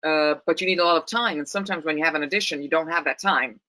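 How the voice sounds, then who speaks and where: A woman's voice: low voice, quick pace, sharp tone, low-quality recording. A middle-aged woman from Italy with an Italian accent, a guest actress talking thoughtfully and often restarting her sentences. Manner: thoughtful, many restarts and repeated words. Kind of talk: casual interview chat.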